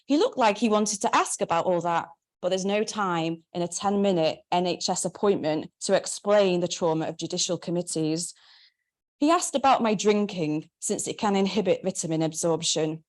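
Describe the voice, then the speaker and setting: A woman, reading her memoir aloud in a wry, measured way. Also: on the low side. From Manchester, England. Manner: wry, measured first-person narration. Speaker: memoir author.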